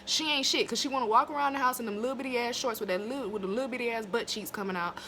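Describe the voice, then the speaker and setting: A woman with a higher voice races along in a sharp tone, reviewing a TV episode casually into her phone, with a little hiss or hum audible. She swears freely, spins long run-on asides, and turns fired-up and indignant when she rants.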